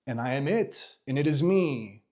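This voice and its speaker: A man in his thirties tells his own story straight to the camera, candid and animated, with lots of fillers and restarts along the way. His voice is mid-pitched, and he swears freely. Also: moderate pace. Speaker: vlogger.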